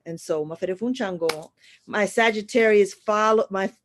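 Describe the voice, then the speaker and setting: A woman's voice: mid-range voice, normal speed, slight background noise. Blunt, swearing woman giving a spiritual reading. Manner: blunt and profane, swinging between loud exhortation and soft murmurs; repetitive, chant-like phrasing with Spanish and slang. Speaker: astrology and spiritual reader. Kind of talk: live horoscope reading in an audio chat room.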